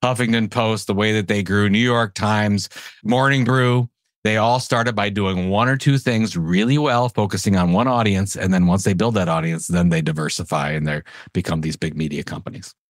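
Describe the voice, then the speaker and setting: A man talking as a podcast guest in casual interview chat, emphatic and animated as he tells stories. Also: fairly low pitch, normal speed, no room sound, studio quality.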